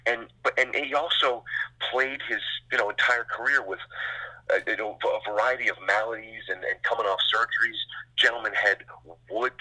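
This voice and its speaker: A middle-aged man, a sports radio host, chatting casually in an interview, rambling through animated stories with quick asides. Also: mid-range voice, rough recording.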